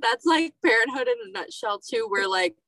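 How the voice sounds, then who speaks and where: A woman's voice: a little high, moderate pace, no room sound, low-quality recording. A young adult woman hosting a podcast, telling candid stories about parenting in casual chat. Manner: animated storytelling, candid. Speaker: podcast host.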